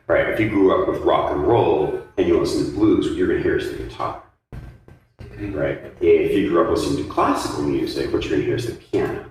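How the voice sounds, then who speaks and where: A man's voice: a bass voice, moderate pace. A man being interviewed about blues dancing, talking in a thoughtful, casual way with many fillers. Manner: thoughtful, many ums and you-knows, animated when joking. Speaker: interviewee, blues dance teacher. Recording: echoey room, mic set at a distance, faint noise.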